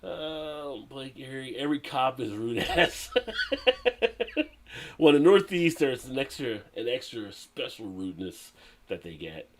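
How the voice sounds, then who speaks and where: A man's voice: mid-range voice, animated, a little slow, slight background noise. Laid-back man reading live chat. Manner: reads viewer comments aloud, laughs often. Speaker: live stream host. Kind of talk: casual live stream chat.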